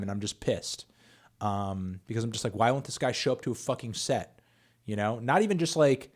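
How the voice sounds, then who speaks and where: A man who reviews music, answering viewer questions on a livestream in a loose, chatty way with lots of fillers and the odd swear word. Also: mid-range voice. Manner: loose and conversational, with frequent fillers and casual swearing. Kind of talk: casual livestream Q&A.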